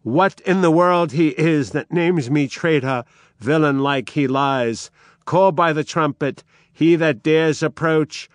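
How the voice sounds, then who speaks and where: A man voicing a proud, defiant young nobleman villain in a loud, challenging, declamatory reading from a play. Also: on the high side, takes it slowly, no room sound, voice pushed up. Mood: defiant fury.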